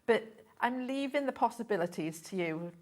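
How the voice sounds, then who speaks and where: A woman's voice: a little high, expressive, normal speed, a little mellow. A woman guest on a live shopping show, chatting at length about her sewing patterns and how to use them. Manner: chatty, explaining, rambling. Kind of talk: live TV selling chat.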